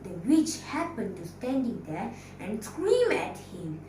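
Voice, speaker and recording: A woman teacher telling a fairy tale in a storytelling competition, dramatic and expressive, recorded from a distance in an echoey room. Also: a little high, takes it slowly, a little hiss or hum. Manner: expressive, dramatic storyteller asking the audience questions.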